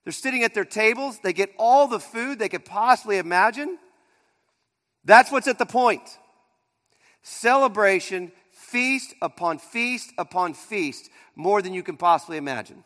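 A man with a high voice preaches a sermon in a church sanctuary. He drives some lines hard and drops others to a near hush. Long reverb hangs behind his words. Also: lively intonation, unhurried. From Pittsburgh area. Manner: dynamic preaching, swings from loud emphasis to near-quiet. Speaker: pastor.

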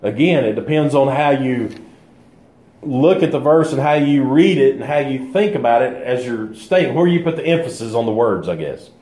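A man's voice: mid-range voice, animated, normal speed, mellow. Man teaching scripture in an echoey room. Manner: conversational, thinks aloud with fillers and restarts. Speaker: bible teacher. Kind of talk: bible study teaching.

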